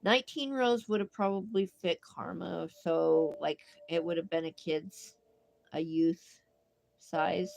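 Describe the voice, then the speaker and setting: A woman's voice: low voice, gravelly, a little mellow. Older lady, stuffy nose, rambly crochet chat on a propped-up phone. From Idaho, United States. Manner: chatty and rambling, many fillers. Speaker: crochet livestream host. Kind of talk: casual chat while crocheting. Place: home craft room.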